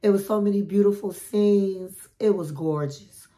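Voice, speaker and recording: A woman's voice: medium pitch, measured pace, mellow. A woman hosting a casual reality TV recap, chatty and gossipy, calling her listeners honey.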